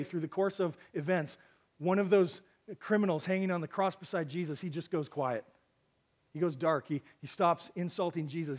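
A man preaching a sermon and reading scripture, emphatic, with casual fillers and restarts, his voice swinging from loud exclamations to hushed lines. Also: on the high side.

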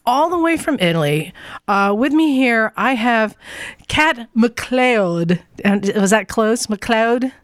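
A woman's voice: a little high, lively intonation, slow pace, no echo, studio quality, faint music behind. A woman hosting a podcast, chatting casually and interviewing a guest. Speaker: podcast host.

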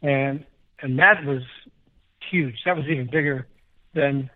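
An older man from Chicago, a guest musician, telling rambling, animated anecdotes in a casual interview. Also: medium pitch, a little slow. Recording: tinny phone-like line.

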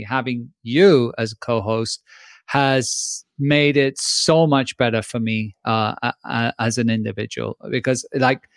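A man's voice: mid-range voice, no echo, clean studio sound. A man co-hosting a podcast in casual chat, joking around and throwing in mock sponsor plugs, on a remote call. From Spain. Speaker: podcast host.

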